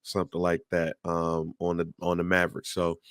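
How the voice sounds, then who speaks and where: Male co-host, lowish voice, dry close mic, blunt and emphatic. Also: monotone, moderate pace, a bit bright, clear, resonant tone, no echo. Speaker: podcast co-host. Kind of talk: casual sports talk.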